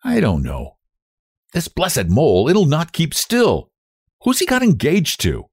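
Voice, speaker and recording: A man's voice: fairly high pitch, huge pitch swings, measured pace, husky, no echo, clean studio sound, pitched above the performer's own voice, exaggerated voice. A man voicing a bold, blunt young woman who talks brashly, in a storybook reading.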